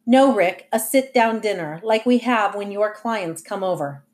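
A stern suburban mother, as a woman reader puts her on lays down the law in a clipped, firm way. Her voice sits at a middle pitch. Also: measured pace, darkish tone, close to an everyday voice.

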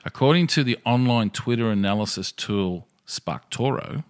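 A man's voice: mid-range voice, animated, moderate pace, clear, resonant tone. A man hosting a podcast in casual chat, reading news items aloud and commenting. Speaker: podcast host.

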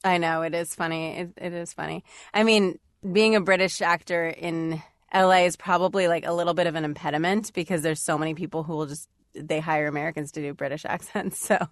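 Here a guest voice actor and demo writer talks on a podcast in a lowish, steady voice at a fairly quick clip. She's chatty, says "like" a lot and laughs often, captured at studio quality with no echo.

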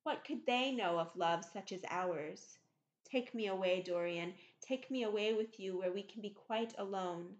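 A woman's voice: mid-range voice, moderate pace, reverberant, lightly acted. A woman reading aloud, voicing a dreamy, devoted young actress in a lingering, lyrical way. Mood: rapturous. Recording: slightly muffled recording.

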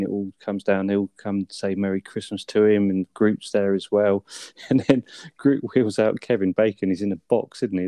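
Gravelly, mellow man. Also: fairly low pitch, no echo. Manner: laid-back, hesitant with ums, tag questions. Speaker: film review podcast co-host. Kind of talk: casual chat.

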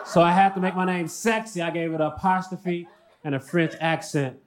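Man, stand-up comedian, dry deadpan delivery, a bit high-pitched, noisy live recording. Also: fairly quick. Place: comedy club stage before a live audience.

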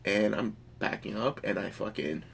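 A man's voice: lowish voice, normal speed, vocal fry, slight background noise. A man rambling through a story in casual chat, swearing freely.

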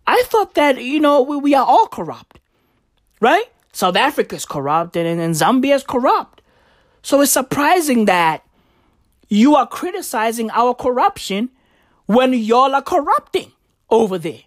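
A squeaky, flustered woman official, as a man puts her on, whining in disbelief. The voice leaps high and swings all over in a dry, close sound. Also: very animated, unhurried, no echo, full character voice. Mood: baffled whining. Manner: shrill, incredulous mock voice.

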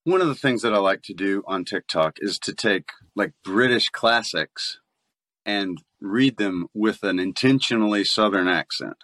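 Chatty low-voiced American man. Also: lively intonation, a little slow, fairly bright tone, no room sound. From United States. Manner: laughs often, chatty with many restarts. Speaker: voice actor guest. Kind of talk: casual interview chat.

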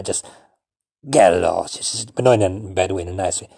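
A man's voice: deep voice, normal speed, gravelly, mellow, no echo, clean studio sound. A man from Italy, giving an informal lesson and animatedly acting out greetings with exaggerated exclamations. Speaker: language teacher.

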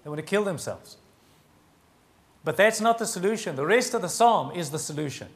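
A man preaching a sermon, earnest and emphatic, slowing down to stress key phrases. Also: high-pitched, expressive. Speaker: pastor.

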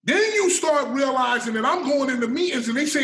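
A middle-aged man telling a story in a casual, animated and profane way, repeating words as he builds up. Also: extremely high pitch, a little fast. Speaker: storyteller guest. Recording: roomy sound from a distant mic.

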